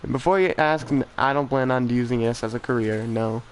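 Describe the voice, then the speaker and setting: A man's voice: medium pitch, a little fast, slight background noise, poor audio. A teenage boy chatting casually on a game stream, rambling and self-deprecating, often trailing off and restarting. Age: teens. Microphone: desk mic for streaming.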